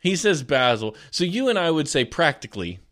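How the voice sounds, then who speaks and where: A man's voice: high voice, lively intonation, fast talker, a bit bright. A man co-hosting a podcast, reading a news story aloud and chatting casually, laughing often as he tells stories. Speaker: podcast co-host.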